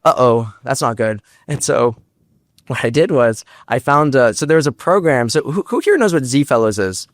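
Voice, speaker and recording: This guest speaker is a young adult startup founder from the United States, storytelling on stage to a large live audience in a quick, animated way with acted-out quotes. His pitch is medium and the recording is dry.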